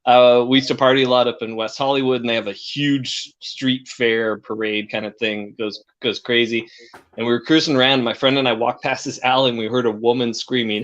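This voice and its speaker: A man's voice: medium pitch, fairly even intonation, fairly quick, fairly bright tone, lo-fi sound. A man in casual podcast chat, telling a crude, joking anecdote and acting out the screams in it. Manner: joking storyteller, acts out screams. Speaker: podcast co-host.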